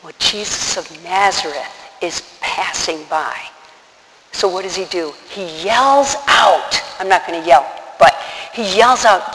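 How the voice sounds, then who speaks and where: A man with a high voice preaches a sermon, walking his listeners through scripture stories. He acts out each person's words as he retells them. His voice rings with the long reverb of a large hall. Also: unhurried, a bit bright. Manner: storytelling, acting out the voices of people in the scriptures.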